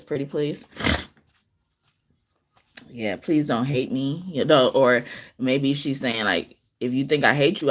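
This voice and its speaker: A woman giving a live-stream tarot reading, talking in a loose, rambling way with many restarts and laughing between sentences. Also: very deep voice. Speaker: tarot card reader.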